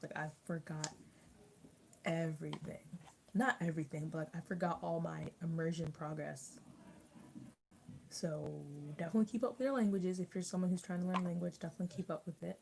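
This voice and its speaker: A woman's voice: on the low side, steady tone, normal speed, gravelly, a little mellow, a little hiss or hum, rough recording. A young woman vlogger chatting casually while eating, rambling with lots of restarts and fillers. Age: young adult. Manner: rambling, many restarts and likes. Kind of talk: casual mukbang chat.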